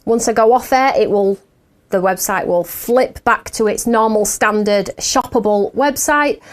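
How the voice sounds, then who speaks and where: A woman's voice: medium pitch, a little slow. A woman hosting a live craft shopping show, chatting casually with viewers and giggling at herself often.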